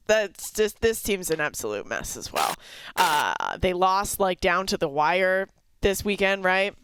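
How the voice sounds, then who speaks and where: A woman's voice: fairly low pitch, big pitch swings, a little slow, fairly bright tone, clear, resonant tone. A woman in her thirties hosting a sports podcast, chatting casually and laughing often. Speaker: podcast host.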